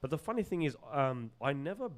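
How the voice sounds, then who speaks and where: Animated man telling stories, slangy. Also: fairly high pitch, brisk. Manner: animated, loose with slang and swearing, laughs often. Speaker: podcast guest. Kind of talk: casual storytelling in an interview.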